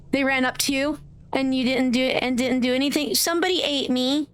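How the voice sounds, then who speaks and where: A woman's voice: sits high, a little fast, clean tone. A young woman live-streaming a game, chatting playfully with her viewers, teasing them and breaking into yelps and exclamations. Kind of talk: live gameplay stream chat.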